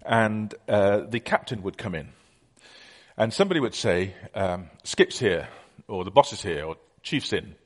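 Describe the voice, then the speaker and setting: A man's voice: lowish voice, big pitch swings, measured pace, husky. A middle-aged man preaching a conversational sermon, telling stories with many fillers.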